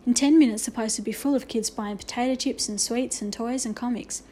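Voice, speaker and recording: A woman reading a children's novel aloud, expressive, with small slips and restarts. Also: on the high side, fairly quick, slight background noise. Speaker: narrator. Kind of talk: storybook reading.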